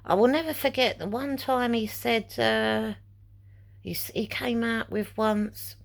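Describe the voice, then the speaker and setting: A woman's voice: a little high, steady tone, measured pace, gravelly. A middle-aged woman telling a personal story in a casual vlog, indignant and rambling as she re-enacts conversations. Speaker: vlogger.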